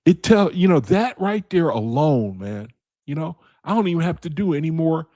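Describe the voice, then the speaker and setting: A man's voice: a little high, very animated, normal speed, warm tone, no room sound. A man leading a casual video Bible study, talking straight to his viewers, repeating his points and calling them brethren and man, with speech.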